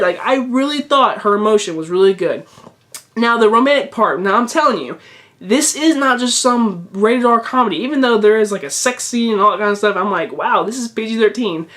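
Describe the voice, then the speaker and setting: A man's voice: high-pitched, animated, a little fast, fairly bright tone. A young man talking casually to camera in a movie review, chatty and repetitive, with frequent restarts and fillers. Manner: chatty, repeats himself, many restarts and fillers.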